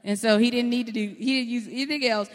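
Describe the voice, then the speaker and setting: A woman's voice: a little high, quick pace. Folksy woman preaching in a hall. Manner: folksy, animated storytelling with laughter. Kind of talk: sermon. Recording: long hall reverb.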